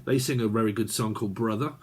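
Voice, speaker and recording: A man's voice: fairly low pitch, steady tone, fast, slightly rough. Rambling man reading tarot. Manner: rambling, free-associating with many fillers. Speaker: tarot reader.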